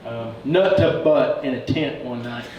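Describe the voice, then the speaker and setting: A man's voice: mid-range voice, highs cut off, a crowd in the background. Joking best man in a cavernous echo. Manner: joking, halting, fighting back tears. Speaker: best man giving a wedding toast. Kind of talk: emotional wedding speech. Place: wedding reception room. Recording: very echoey room, distant mic, noisy.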